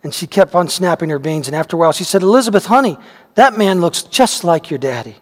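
A man reading the part of an elderly farm woman who gently recalls a day from her childhood, in homely words. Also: sits high, lively intonation, quick pace. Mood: tender recollection. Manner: gentle storytelling, homely phrasing. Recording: long hall reverb.

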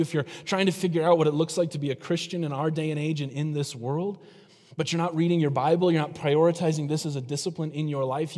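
A middle-aged man delivers a sermon as a pastor, speaking in a fairly high voice. His preaching is conversational and full of rhetorical questions to the congregation. His voice rings with a long reverb, as if he is in a large church hall. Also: a little mellow.

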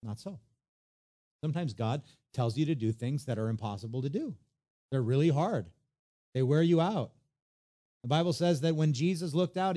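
A middle-aged man preaching a sermon in a conversational way, jumping from loud emphasis to quiet asides. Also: mid-range voice. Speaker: pastor.

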